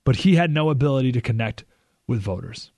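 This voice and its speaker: An American man hosting a talk radio show, delivering a lively monologue with sudden loud and hushed emphasis. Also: mid-range voice, fairly quick, no room sound, clean studio sound. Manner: animated, swings between loud and hushed emphasis.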